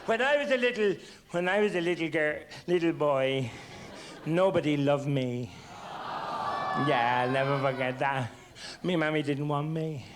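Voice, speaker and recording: An unhurried man with a fairly high voice performs stand-up on a theatre stage, recounting childhood mishaps with a stammering, mock-innocent air. The recording is an old, noisy VHS tape.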